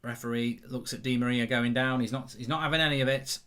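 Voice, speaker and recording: A man in his thirties hosting a football watchalong, reading viewer messages aloud and commentating the match as it happens, getting loud and excited in big moments. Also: mid-range voice, fast talker, smooth. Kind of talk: live match commentary and chat.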